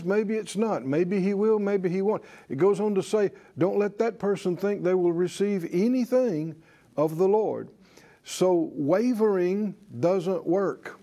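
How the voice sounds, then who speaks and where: High-voiced preacher leading a class. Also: male voice, mellow. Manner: emphatic, repetitive, leads call-and-response. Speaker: preacher teaching a faith class. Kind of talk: sermon-style Bible teaching.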